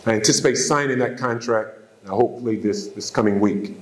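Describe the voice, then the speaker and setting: A university president giving a formal address, speaking in measured, emphatic phrases with lists and repetition, from a podium mic in a large hall. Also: male voice, lowish voice. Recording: echoey hall.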